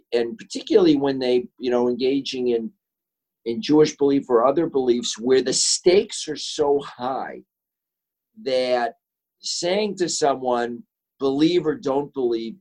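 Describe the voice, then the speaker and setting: A man's voice: mid-range voice, darkish tone, poor audio. A man who has written a book, answering interview questions earnestly and telling a long anecdote. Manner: earnest, storytelling. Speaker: author and guest.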